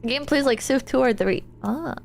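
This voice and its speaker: A woman's voice: high-pitched, normal speed, vocal fry, a little hiss or hum. A woman streamer chatting casually while gaming, telling a rambling story full of "like" and restarts.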